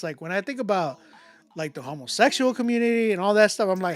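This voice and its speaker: A man's voice: high-pitched, expressive, quick pace. A man hosting a live music critique stream, talking in a loose, slangy way with frequent laughs and restarts. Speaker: livestream music critique host. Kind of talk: casual live-stream chat.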